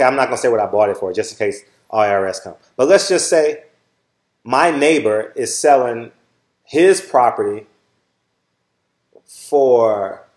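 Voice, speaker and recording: Blunt, preachy man in an echoey room. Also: medium pitch. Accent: Southern Californian. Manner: blunt, preachy, swears freely; repeats "all right?" often. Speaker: channel host. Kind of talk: casual monologue to viewers.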